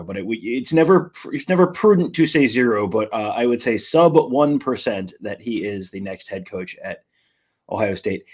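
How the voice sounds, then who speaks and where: Male co-host, low husky voice, casual and analytical. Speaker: podcast co-host. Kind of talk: casual live podcast chat.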